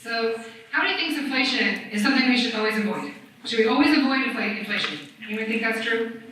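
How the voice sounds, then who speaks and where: A woman presents at a live seminar, lively and joking as she quizzes the audience. Her voice sits a little high. She sounds far from the mic, with heavy room echo and a faint hiss behind her. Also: fairly quick. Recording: echoey hall from far off.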